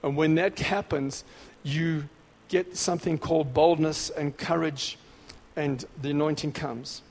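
Male preacher, high-pitched, emphatic repeated phrases, long hall echo. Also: unhurried. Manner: emphatic, repetitive exhortation; grows louder and more excited. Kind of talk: sermon.

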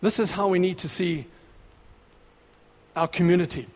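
A man preaching a sermon, dramatic, dropping to a hush and then rising to shouts. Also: sits high, steady tone, normal speed. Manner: dramatic, swings between hushed and shouting. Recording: long hall reverb.

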